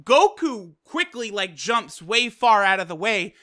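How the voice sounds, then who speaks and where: A man giving an excited, casual, profane review of an anime episode, retelling scenes as a fan. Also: high-pitched, measured pace.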